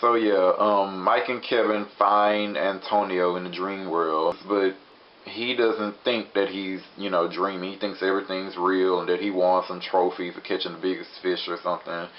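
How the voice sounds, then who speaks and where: A man's voice: low voice, level tone, normal speed. A young man casually recapping a TV episode in a rambling, chatty way full of filler words. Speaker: show reviewer. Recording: dull lo-fi recording with faint hiss.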